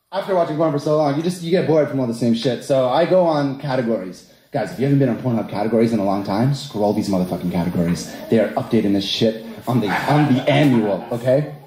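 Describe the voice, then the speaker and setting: A young male comedian working a stand-up set in an echoey club, his voice pitched a touch high and bouncing all over the place. He tells crude stories with big animation and keeps tossing asides at the audience. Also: darkish tone.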